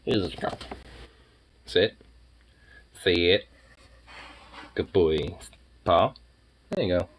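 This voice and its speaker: A young man vlogging in a casual, rambling way who coos at his dog in high baby talk. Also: extremely slow, pauses often. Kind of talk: casual chat.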